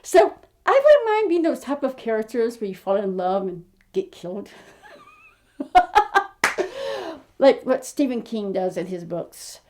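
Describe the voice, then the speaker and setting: A fifty-year-old American woman talks straight to camera in a slightly high voice. She rambles and restarts, quirky and openly candid, as she recounts her journey as an aspiring actress. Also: unhurried, long pauses. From United States. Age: 50s. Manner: rambling, quirky, animated storytelling with frequent restarts. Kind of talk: casual chat to camera.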